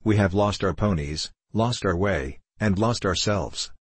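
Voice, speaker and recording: Male reader voicing an earnest boy: firm lines, deep husky tone. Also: measured pace, no echo. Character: brave young boy with a rifle, earnest.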